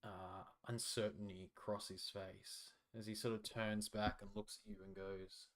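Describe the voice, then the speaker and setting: A man's voice: lowish voice, level tone, normal speed. A man narrating a tabletop game as game master, talking loosely with many fillers. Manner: hesitant, loose, lots of fillers.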